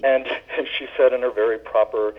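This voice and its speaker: A man's voice: mid-range voice, steady tone, moderate pace. A man who calls in and tells rambling stories about his years as a flight attendant, with lots of ums and uhs. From Southern US. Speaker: caller, former flight attendant. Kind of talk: casual storytelling. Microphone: telephone. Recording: tinny phone line.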